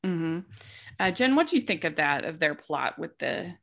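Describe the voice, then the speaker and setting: A woman hosting a casual film discussion, chatty and quick to laugh. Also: low-pitched, very animated, vocal fry, fairly bright tone. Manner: chatty, laughs often, many restarts. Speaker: podcast host.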